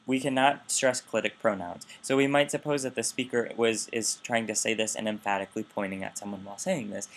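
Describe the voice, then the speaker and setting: A man with a voice on the low side and a somewhat bright tone delivers a recorded lecture on linguistics. His explanations are careful, though he frequently starts over and corrects himself partway through sentences.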